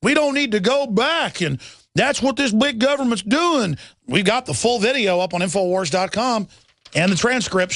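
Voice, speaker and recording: A middle-aged male radio host with a gravelly, somewhat high voice, talking urgently and with heavy emphasis. He rattles through headlines in an impassioned monologue. The sound is close and dry. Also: a bit bright, no echo. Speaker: radio talk show host.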